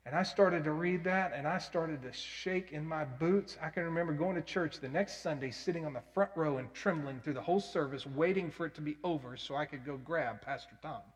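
Earnest preacher in a reverberant hall. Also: male voice, fairly high pitch, a little fast, few pauses. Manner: earnest storytelling preacher with sudden loud emphatic bursts. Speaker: pastor. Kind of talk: sermon.

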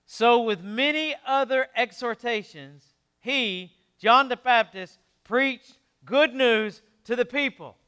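With a clear, resonant voice, a man preaches in a relaxed, conversational style. He slips in brief asides and alternates hushed, low moments with forceful emphasis, as a pastor would from the pulpit.

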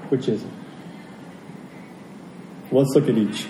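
Preaching with emphasis, this male pastor has a fairly high, warm, expressive voice and keeps a measured pace, leaning on rhetorical questions and repeated key phrases. The sound is roomy and off-mic, with faint ambience and a little hiss or hum.

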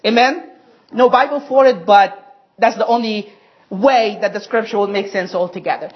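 A woman's voice: fairly high pitch, highs cut off. Emphatic woman preaching. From Egypt. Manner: emphatic, slows and stresses quoted scripture. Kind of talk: sermon.

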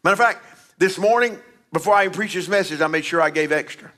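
Bright, high-voiced pastor preaching. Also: male voice, fast. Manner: emphatic preaching with sudden drops to a low confiding voice. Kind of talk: sermon.

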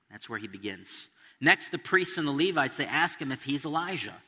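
A man's voice: mid-range voice, lively intonation, moderate pace, pushed and bright, husky, big-room sound. A man preaching an expository sermon, stressing quotes and asking the listeners questions. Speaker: pastor.

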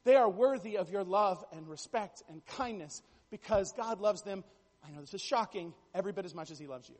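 A man's voice: sits high, brisk, a little mellow, in a large hall. A man preaching a sermon, telling stories with jokey asides and building to emphatic bursts. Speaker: pastor.

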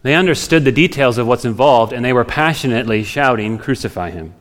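A man's voice: medium pitch, fast talker, a bit bright. A man preaching a sermon as pastor, talking it through in a conversational way with everyday examples from home. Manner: conversational, thinks aloud with homely examples. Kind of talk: expository sermon. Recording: long hall reverb.

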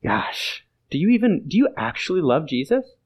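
A man's voice: fairly high pitch, very animated, moderate pace. Man whispering as a taunting accuser spirit. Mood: sneering.

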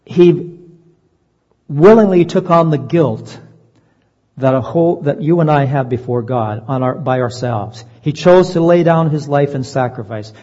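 A man preaching a sermon in an earnest voice, slowing down to stress key phrases. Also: on the high side, dark tone. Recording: dull lo-fi sound, long reverb.

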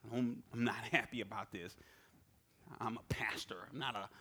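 A man's voice: fairly low pitch, normal speed, a little hiss or hum. A male pastor preaching a sermon, telling personal stories in a conversational way and often asking "right?". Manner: animated storytelling with personal anecdotes; conversational, repeats words and asks "right?".

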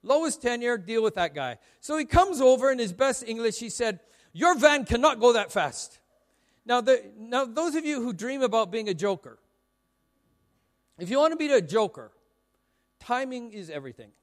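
A man's voice: extremely high pitch, lively intonation, moderate pace. A middle-aged male pastor giving a humorous sermon, telling stories in a chatty, self-mocking way. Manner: chatty, self-mocking storytelling with frequent laughs. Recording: long reverb of a large hall.

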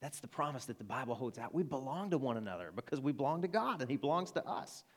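A man's voice: medium pitch, very animated, fast talker. A man with an Arkansas accent preaching a sermon to his church, earnest and emphatic, building to passionate appeals. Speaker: pastor.

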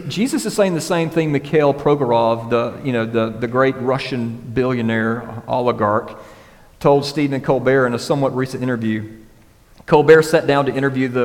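A man's voice: medium pitch, long reverb tail. A man preaching a casual, conversational sermon as pastor, often checking in with the congregation. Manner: casual, conversational preaching with frequent "right?" and "y'all".

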